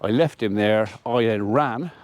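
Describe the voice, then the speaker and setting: A man's voice: fairly low pitch, a little slow. A man, a farmer, chatting casually to camera as he tells a rambling story about his day. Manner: chatty, rambling anecdote with quoted dialogue. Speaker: farmer vlogger.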